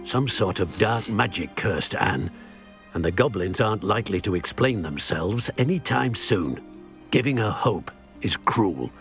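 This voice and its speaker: An actor playing a stern, weary uncle in a video game, lecturing in a strict tone. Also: male voice, fairly low pitch, expressive, a little slow. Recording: game audio with music behind.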